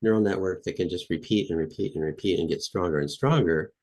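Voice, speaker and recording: Male podcast guest, deep voice, coaching a listener through repeated affirmations. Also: fast, a little mellow. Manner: repetitive, demonstrative, chanting phrases with rising intensity. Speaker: guest expert. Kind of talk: podcast interview, guided demonstration.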